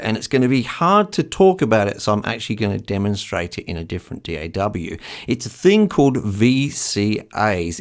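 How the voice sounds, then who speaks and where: Gravelly-voiced man hosting a software tutorial. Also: mid-range voice. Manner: chatty and enthusiastic, with frequent ums. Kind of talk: screen-recorded software tutorial.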